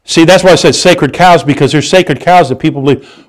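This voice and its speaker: A man's voice: fairly high pitch, fairly quick. Storytelling male preacher. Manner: storytelling, animated, with restarts and chuckles. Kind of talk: sermon.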